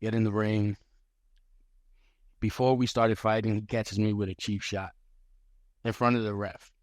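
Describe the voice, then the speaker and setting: A man on a podcast as a guest fighter, telling a story in casual chat, animated and profane, acting out what others said. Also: on the low side, unhurried, no echo, studio quality. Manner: animated, profane, acts out quotes.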